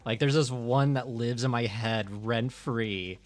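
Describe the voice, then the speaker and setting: A man's voice: mid-range voice, unhurried, soft background music. A man chatting casually while drawing on a livestream, rambling with lots of fillers and laughing often. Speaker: streamer and artist.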